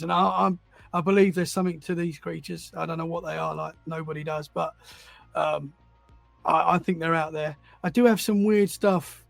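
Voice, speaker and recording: On the high side and creaky, a man's voice carries a podcast guest's casual storytelling; he's a paranormal enthusiast who rambles and often repeats words while finding his way. No room sound is audible.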